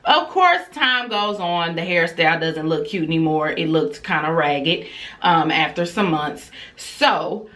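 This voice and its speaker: A woman's voice: low voice, a little slow. Chatty woman telling a story to her viewers. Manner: chatty and animated, addresses viewers as y'all; acts out quoted dialogue, dropping to a whisper for her child. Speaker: vlogger telling a family story. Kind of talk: casual storytime chat.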